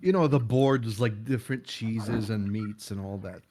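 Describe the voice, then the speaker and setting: A man's voice: on the low side, moderate pace, warm tone, slight background noise. A man in casual chat, telling a rambling story and laughing often.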